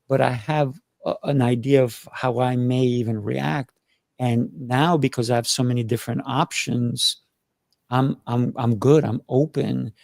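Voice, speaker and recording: A man's voice: mid-range voice, gravelly, darkish tone, dry recording. A man hosting a panel talk, speaking earnestly and often repeating words as he builds his point. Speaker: host.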